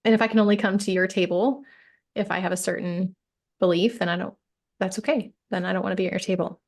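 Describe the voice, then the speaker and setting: Reflective woman coach, gravelly voice. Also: mid-range voice, steady tone, fast talker, a little mellow. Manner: reflective, emphatic, peppers with "right?". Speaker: healing coach guest. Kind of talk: casual interview chat.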